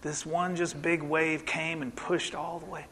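Bright-voiced male preacher in a hall. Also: fairly high pitch, a little slow, a little hiss or hum. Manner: animated storytelling, asks the audience questions. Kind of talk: sermon.

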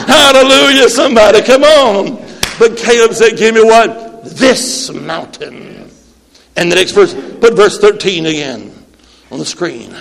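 High-voiced preacher in his sixties, shouting praise. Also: creaky. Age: 60s. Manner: calls for amens, shouts and sings out. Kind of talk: Pentecostal sermon. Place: church sanctuary. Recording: long hall reverb.

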